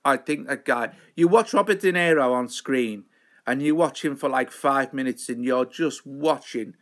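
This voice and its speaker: A man's voice: medium pitch, normal speed. A man hosting a live show, chatting in a rambling, self-mocking way. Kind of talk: casual live-stream chat.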